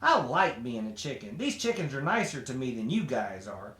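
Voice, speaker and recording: A man's voice: mid-range voice, very animated, normal speed, a bit bright, pitched below the performer's own voice. A man voicing an anxious, stubborn little girl who is teased by her sisters, talking earnestly, in an echoey room. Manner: earnest, pleading. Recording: roomy echo.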